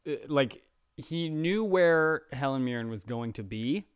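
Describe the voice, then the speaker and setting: A man's voice: mid-range voice, lively intonation, a little slow, clean tone, dry recording. A young man co-hosting a casual podcast, chatting eagerly about a movie and explaining plot details. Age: young adult. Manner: eager, explains plot points, quotes characters in offhand voices. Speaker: podcast co-host. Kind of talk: casual movie review chat.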